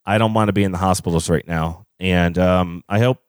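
A man's voice: deep voice, steady tone, clean tone, dry recording, studio quality. A young adult man, a nurse being interviewed, talking frankly with frequent ums and casual swearing. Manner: frank, swears freely, measured pace with filler ums. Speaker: nurse guest.

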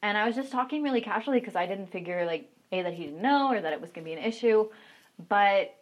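A woman's voice: mid-range voice, lively intonation, fast talker. A young woman chats casually and frankly, telling stories about her work as an online content creator. Her talk is loose and full of fillers. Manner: chatty, frank, many fillers. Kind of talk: casual storytelling chat.

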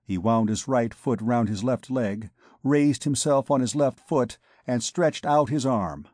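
A man reading a classic novel aloud as an audiobook narrator, in a steady, measured way. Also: medium pitch, no echo, studio quality. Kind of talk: scripted narration.

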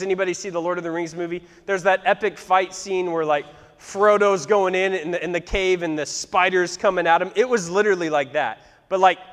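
A man's voice: high voice, a bit bright. A man preaching in a church sanctuary, telling a story dramatically and laughing often. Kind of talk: sermon with vivid storytelling. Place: church sanctuary, live before a congregation. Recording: long reverb of a large church hall.

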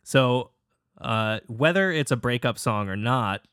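A man co-hosting a casual chat, joking playfully with quick comebacks. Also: mid-range voice, animated, fairly bright tone, clean tone, no room sound, clean studio sound. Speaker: podcast co-host, music producer.

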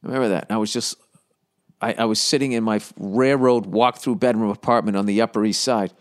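A man in his fifties hosting a solo comedy podcast, rambling through profane, animated stories full of asides. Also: fairly low pitch, a little fast. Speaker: podcast host.

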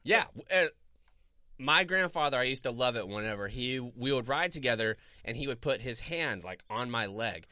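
A man's voice: medium pitch, animated, normal speed, sharp tone, no echo. A man in his thirties from Florida, co-hosting a podcast and telling laid-back stories with frequent laughter. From Florida, USA. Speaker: podcast co-host. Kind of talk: casual chat and storytelling.

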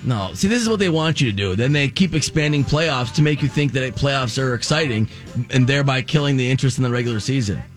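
A male sports radio co-host with strong opinions. He rants fast in a lively voice that swings up and down. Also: medium pitch, faint music behind. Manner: animated, ranting. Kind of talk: casual sports talk.

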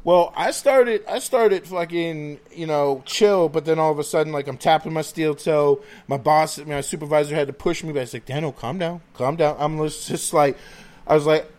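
A man's voice: fairly high pitch, moderate pace. Profane rambling man. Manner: profane, rambling, animated storytelling. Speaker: podcast host. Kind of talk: casual chat.

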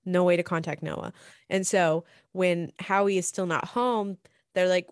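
Relaxed woman with a lowish voice retelling a movie, laughs a lot, dry sound. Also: normal speed, dry recording. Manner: relaxed, laughs often, retells plot with quoted lines. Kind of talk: casual chat recapping a movie.

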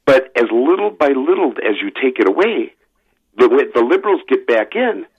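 A man calling in to a talk radio show, talking in an animated, emphatic way over a phone line. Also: mid-range voice, moderate pace, husky. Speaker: caller. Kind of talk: political call-in radio talk.

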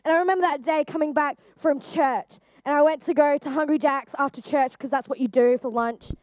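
A woman's voice: sits high, a little fast, darkish tone, dry recording. Earnest young woman, dry close sound. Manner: earnest, chatty, with frequent fillers. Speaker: youth speaker. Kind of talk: personal testimony talk.

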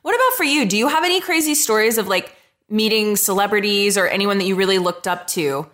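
A woman's voice: mid-range voice, animated, fast, a bit bright. A woman hosting a podcast, chatting casually with her guest in an upbeat way and laughing readily. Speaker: podcast host. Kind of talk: casual interview chat.

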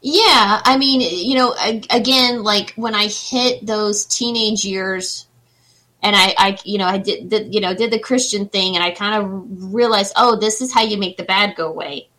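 A woman with a mid-pitched voice that has a bright, forceful edge. As a guest who does psychic readings, she talks in a chatty, reassuring way, keeping the conversation light. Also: steady tone, moderate pace, poor audio. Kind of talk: casual interview chat.

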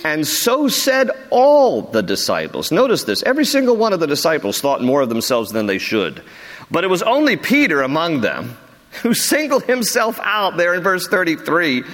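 A male pastor leads a Bible study in a chatty sermon style. He jokes often and repeats words when he stumbles. His voice sits a little high, and a long hall reverb trails behind it. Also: wildly swooping pitch, normal speed, fairly bright tone. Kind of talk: conversational sermon.

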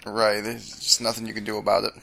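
A man's voice: on the low side, monotone, fast talker, creaky, pushed and bright, rough recording. A man co-hosting a podcast, chiming in with laid-back agreement during casual chat. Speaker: podcast co-host.

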